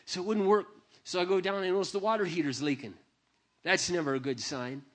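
A middle-aged man who is a pastor, telling a personal story in a sermon. He swings from hushed, confiding lines to loud, impassioned ones. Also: high voice, steady tone, fast.

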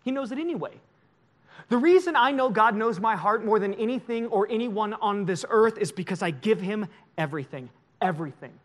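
A male pastor preaching a sermon in an emotional, confessional way, swinging from loud to hushed. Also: high voice, lively intonation, a little fast.

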